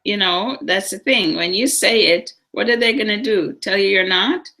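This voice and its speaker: A middle-aged woman co-hosting a psychic talk show. Her voice is bright and ringing, and she tells personal stories with animated, acted-out moments. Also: medium pitch, moderate pace, creaky. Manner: storytelling, animated, acts out voices in anecdotes. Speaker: psychic co-host. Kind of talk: casual chat on a live show.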